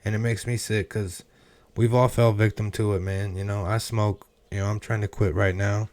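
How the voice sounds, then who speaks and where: Low-voiced guy doing a reaction vlog, choked up, keeps saying "man", stops and starts. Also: level tone, darkish tone, no room sound. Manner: halting, emotional, fills with "man". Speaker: reaction video host. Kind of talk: casual reaction vlog talk.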